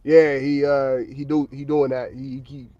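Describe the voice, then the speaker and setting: A man's voice: mid-range voice, flat delivery, unhurried, warm tone, no room sound, lo-fi sound. An American man livestreaming from his parked car at work, chatting casually in a blunt, slang-heavy, profane way. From United States.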